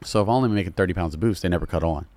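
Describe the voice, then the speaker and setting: A man with a Southern drawl talks in a deep, low register, loose and unhurried. He chats casually as a podcast guest, throwing in "bro" often. The sound is dry and close. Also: a little mellow, no echo. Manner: laid-back, loose, calls people bro. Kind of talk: casual chat.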